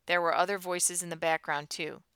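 A woman narrates a tense audiobook in a fairly low voice that is nonetheless very bright and clear, keeping a steady storytelling manner at normal speed. The recording is close and dry.

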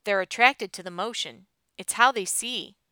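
A calm, level-headed girl speaks in a smooth, bright voice, as a woman reads her lines. She is steady and reassuring, recorded close and dry. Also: mid-range voice, normal speed, dry recording, lightly acted.

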